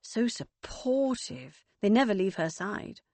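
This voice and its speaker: A woman's voice: medium pitch, lively intonation, a little slow, dry recording. A woman reading an audiobook voices a self-absorbed mother near sixty with a breezy, sing-song manner. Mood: airy. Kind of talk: audiobook character voice.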